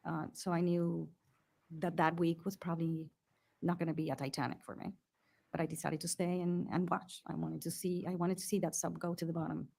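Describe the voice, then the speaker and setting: A woman's voice: fairly low pitch, level tone, brisk, creaky, mellow, breathy edge. A woman testifying at a hearing as a witness, speaking hesitantly with many fillers and restarts.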